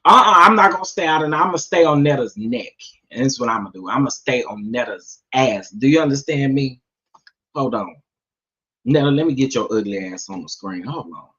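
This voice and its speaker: A man doing casual gossip commentary, sassy and animated, talking straight to his viewers. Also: medium pitch, lo-fi sound. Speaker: commentary vlogger.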